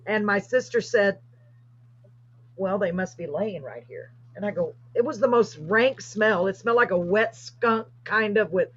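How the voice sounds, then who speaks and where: Lady host spinning a spooky story, husky voice, kinda muffled lo-fi stream. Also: mid-range voice, measured pace. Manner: animated, excited retelling. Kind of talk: casual storytelling. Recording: dull lo-fi livestream audio.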